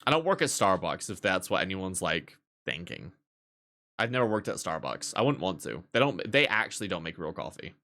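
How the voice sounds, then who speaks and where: Bright-voiced man ranting casually. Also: deep voice, brisk. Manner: profane, animated storytelling. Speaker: streamer; barista. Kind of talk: casual livestream chat.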